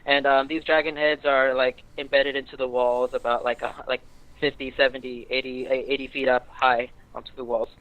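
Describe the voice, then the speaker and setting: A man's voice: medium pitch, flat delivery, moderate pace, fairly bright tone. A young man narrating a tabletop game as game master, hesitant with many fillers. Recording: tinny phone-like line.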